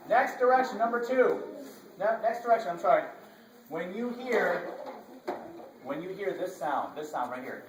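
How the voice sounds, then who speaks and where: Heard from a distance in an echoey library hall, the Florida entertainer coaxes children through call-and-response at an educational show. His high voice has lively intonation and a moderate pace with frequent pauses, over slight background noise.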